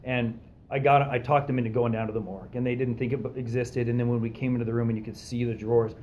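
Muffled-sounding man, mellow storyteller. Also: mid-range voice, quick pace, a little hiss or hum. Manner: animated, acts out quoted voices, frequent fillers. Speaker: podcast co-host telling a story. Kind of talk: casual storytelling chat.

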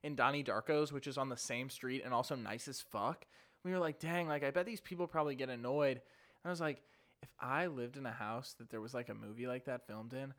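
A man co-hosting a podcast, telling an animated story and acting out what people said. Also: medium pitch, a little fast. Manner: animated storyteller, acts out quoted voices. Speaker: podcast co-host. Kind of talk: casual chat.

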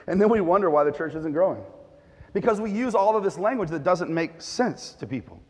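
A male pastor delivers a sermon with animated storytelling, punching his stories with sound effects. His voice sits a bit high for a man. The sound rings with the long reverb of a big church hall. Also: moderate pace.

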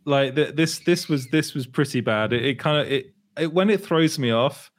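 A man's voice: a little high, moderate pace. A man co-hosting a casual podcast, laughing often and restarting his sentences mid-thought. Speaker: podcast co-host. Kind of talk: casual chat.

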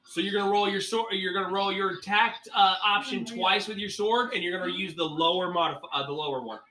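Bright-voiced man running a tabletop game. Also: sits high, a little fast. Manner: casual, swearing, explains rules patiently. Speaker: game master. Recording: echoey room with faint noise.

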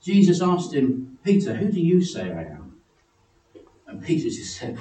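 A man preaching a sermon in a church, animated, acting out figures from the story in high excited voices. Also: measured pace, echoey room, distant mic, rough recording.

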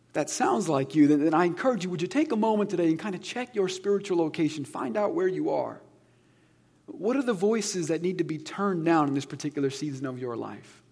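High-voiced guy preaching, kinda breathy, earnest and chatty with jokes. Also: a little mellow. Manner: earnest, conversational preaching with humor. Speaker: pastor. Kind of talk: sermon.

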